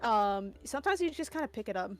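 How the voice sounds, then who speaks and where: A woman with a fairly high voice chats loosely with friends, easygoing and pausing on ums as she thinks. Faint music sits behind her. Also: expressive. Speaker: co-streamer friend. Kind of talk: casual chat with friends.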